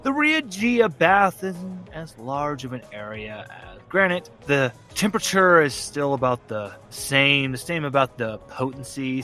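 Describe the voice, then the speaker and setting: A man's voice: a little high, sharp tone. A man narrating as game master in a casual, rambling way, swearing and laughing often.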